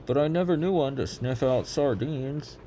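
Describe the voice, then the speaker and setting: A man voicing a mocking fisherman crewman who shouts taunts from a boat. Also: mid-range voice, normal speed, a little hiss or hum, pitched above the performer's own voice, lightly acted.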